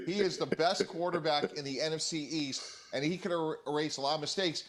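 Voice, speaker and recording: A man with a slightly raised voice gives his football analysis on a television panel. He sounds confident and lays out his points in a measured way. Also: fairly high pitch, over a noisy crowd. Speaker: sports analyst. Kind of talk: television sports panel talk.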